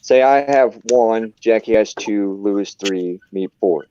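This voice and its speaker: A man's voice: fairly low pitch, a little slow, mellow, a little hiss or hum. A man on a live panel explaining his views earnestly, rambling and restarting his sentences. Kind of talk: casual chat. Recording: dull, dry stream audio.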